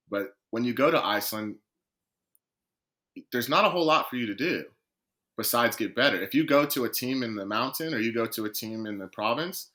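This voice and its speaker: A man's voice: medium pitch, sharp tone. A man, a professional footballer, telling his career story as a guest on a podcast and acting out the conversations he quotes.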